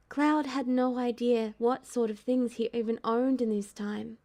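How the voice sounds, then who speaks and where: A woman narrating a fan-fiction audiobook in a calm, even storytelling manner. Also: on the high side.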